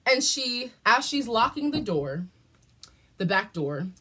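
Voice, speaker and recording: A woman vlogger telling a story in a casual, profane and dramatic way, jumping up and down in pitch. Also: slow. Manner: animated, profane and dramatic, with big jumps in pitch.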